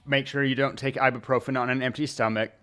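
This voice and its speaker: Smooth-voiced man chatting casually on stream. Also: medium pitch, little pitch movement, sharp tone, faint music behind. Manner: rambling, chatty, many pauses and restarts. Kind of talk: casual livestream chat. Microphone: desk mic at streaming setup.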